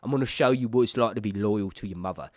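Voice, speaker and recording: A man voicing a menacing male royal warrior who coaxes someone to walk with him, in a low, intimidating manner. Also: quick pace, no room sound, clean studio sound, lightly acted.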